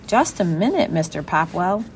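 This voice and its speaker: A woman voicing an officious, muddled phone clerk in a storybook, speaking slowly and precisely. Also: on the low side, very animated, a little hiss or hum. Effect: heard over a telephone in the story.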